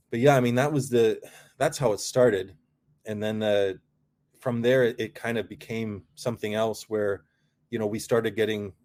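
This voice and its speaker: A man's voice: on the low side, a little mellow. A middle-aged man, a guest in a casual interview, telling a long story in a rambling way, with many restarts and "you know" fillers. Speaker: guest, product founder.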